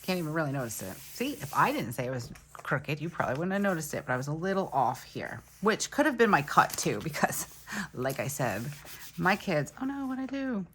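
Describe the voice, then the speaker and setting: A woman's voice: low-pitched, big pitch swings, brisk, a bit bright, slight background noise. A woman planner vlogger chatting casually as she walks through each crafting step and laughs off her small mistakes. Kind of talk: casual crafting tutorial chat.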